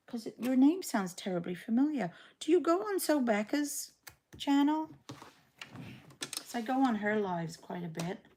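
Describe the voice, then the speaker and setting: A quilting vlogger in her sixties, originally from England but speaking with a Canadian accent, chats while she sews. She's rambling and self-deprecating, her voice medium-pitched, creaky and a little mellow, with slight hiss or hum in the audio.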